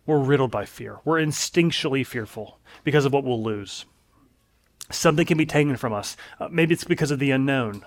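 A man's voice: mid-range voice, moderate pace. A man preaching a sermon in an earnest, emphatic way, leaning on repeated phrases.

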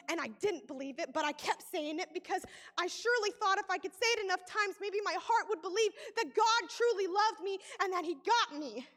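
A woman telling a deeply emotional personal testimony, pausing often, her voice breaking with feeling. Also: a bit bright, big-room sound. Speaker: speaker sharing a personal testimony.

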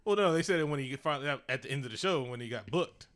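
A man co-hosting a casual podcast chat about a TV show, talking loosely with frequent laughs and sudden animated bursts. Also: medium pitch, fast talker. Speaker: podcast co-host.

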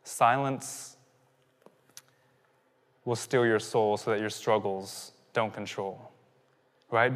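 A man's voice: on the low side, fairly even intonation, slow, pauses often. A man in his thirties preaching a sermon, telling a personal story in a casual, conversational way that keeps circling back and then builds to emphatic peaks. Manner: conversational, self-interrupting, rising to emphatic peaks. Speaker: pastor. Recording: long hall reverb.

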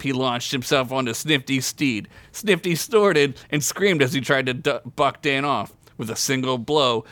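A man's voice: mid-range voice, bright, forceful tone, no echo. A man hosting a comedy podcast, reading his own silly adventure story aloud with jokey asides and frequent laughter. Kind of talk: comic story reading with banter.

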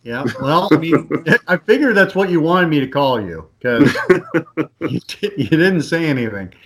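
A man who is a podcast guest, chatting casually and telling animated stories, acting out the voices of other people. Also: on the high side, measured pace. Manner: animated storyteller, acts out voices in anecdotes. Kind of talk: casual chat, storytelling.

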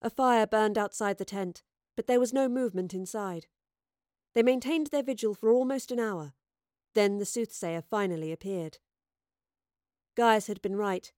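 A woman's voice: mid-range voice, darkish tone, no echo. Woman narrating a story, dry close sound. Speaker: audiobook narrator. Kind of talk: scripted narration.

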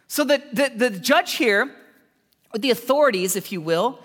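A man preaching a sermon as pastor, animated, with sudden jumps in pitch and voiced asides, in a church. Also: normal speed. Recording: long reverb of a large hall.

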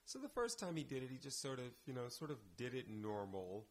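A man's voice: mid-range voice, sing-song, brisk. A man, a theater director guest on a podcast, telling anecdotes in casual chat and acting out the lines he quotes.

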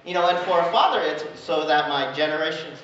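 A woman pastor giving a lively, playful sermon to the congregation in a church. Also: deep voice, brisk, a little hiss or hum. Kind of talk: sermon with children's activity. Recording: echoey, dull church sound.

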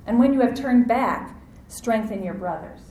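A woman preaching a sermon, lively and acting out the voices in the story, calling on her listeners to answer back. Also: fairly high pitch, moderate pace, roomy sound, rough recording. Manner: animated, acts out quoted voices, asks audience to respond.

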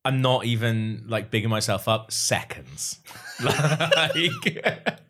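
A man's voice: mid-range voice, big pitch swings, takes it slowly, background noise. A man hosting a podcast, chatting casually in a rambling, hesitant way with frequent laughs. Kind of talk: casual comedy chat.

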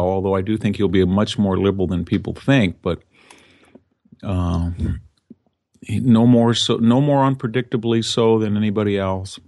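A man's voice: lowish voice, a little mellow, dry recording, clean studio sound. A man, an interview guest, giving political commentary in a conversational way with restarts and quoted asides.

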